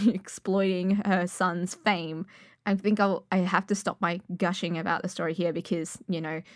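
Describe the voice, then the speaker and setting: Chatty young woman, low dry voice. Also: dry recording. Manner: rambling, self-deprecating, chatty with many fillers. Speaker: podfic reader. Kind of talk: casual chat.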